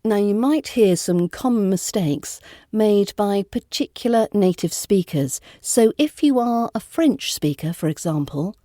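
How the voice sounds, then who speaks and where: A woman with a British RP accent teaching pronunciation, calm and deliberate, modelling words slowly and repeating them. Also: medium pitch, no echo, clean studio sound. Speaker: accent coach. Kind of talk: pronunciation lesson.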